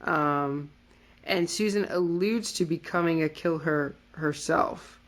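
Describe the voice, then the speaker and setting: A podcast co-host speaks slowly in a low voice, chatting casually through a recap. She uses plenty of fillers and playfully quotes characters.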